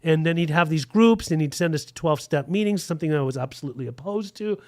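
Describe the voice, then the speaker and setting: A man's voice: on the high side, animated, quick pace, no echo, studio quality. A man in his forties telling a frank, rambling story in a casual podcast interview, with plenty of "like" fillers.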